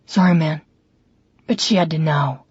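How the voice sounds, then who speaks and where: A blunt, tipsy young man with a lowered, husky voice, as a woman narrator plays him. He talks plainly and heavily in an audiobook scene. The studio recording is dry and a bit muffled. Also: measured pace, darkish tone, no room sound, heavily acted. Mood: subdued. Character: drunk, blunt young man, resentful brother. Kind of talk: audiobook character voice.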